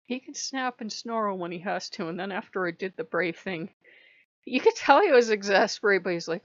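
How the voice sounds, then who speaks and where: A woman vlogger chatting casually and laughing as she retells stories in an animated way. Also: medium pitch, moderate pace, no echo, muffled recording. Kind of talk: casual chat.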